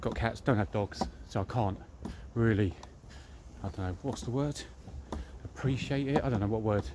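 Strolling outdoors in a park, a thirty-something fitness vlogger with a British accent chats to camera in a blunt, casual way. He speaks at a moderate pace in a lowish voice, and there's noise in the background.

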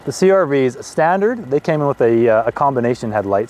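Outdoors beside a parked car, a young man in his twenties presents a review at a brisk clip. His medium-pitched delivery is eager and conversational, with casual side comments as he walks around the vehicle.

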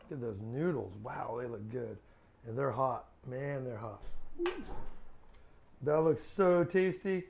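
Man, chef, casual cooking demo, gravelly voice, loose and chatty. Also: fairly high pitch. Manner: relaxed, chatty, many fillers and restarts. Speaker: chef hosting a cooking video.

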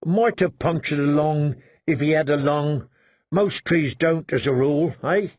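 A man voicing a gloomy, dour watchman who drawls slowly and ends his lines with "eh?". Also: a little high, darkish tone, no room sound, clean studio sound. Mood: dry mocking. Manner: mournful drawl, tags lines with "eh?".

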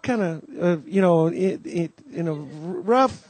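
A man with a somewhat high voice gives a folksy welcome at a Christian gathering, full of "you know"s and homespun stories. His voice sounds close and dry, with little room sound. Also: lively intonation, measured pace, darkish tone, breathy edge, no room sound. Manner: homespun storytelling, many "you know"s, acts out quoted voices. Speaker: conference host giving the welcome. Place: conference gathering.

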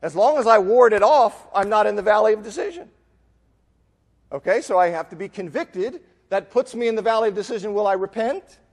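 A man's voice: high voice, a little fast, in a large hall. A man preaching a conversational Bible lesson to a church, acting out quoted voices as he goes. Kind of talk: sermon. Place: church auditorium.

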